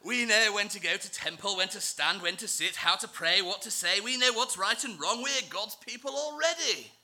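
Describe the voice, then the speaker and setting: A preacher briefly turning into a self-satisfied religious man, all posh vowels and preening sing-song, his voice pitched up high and thin as he boasts of how righteous he is. It is a sharp, bright caricature of smugness. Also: fairly even intonation, measured pace, exaggerated voice. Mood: smug boasting.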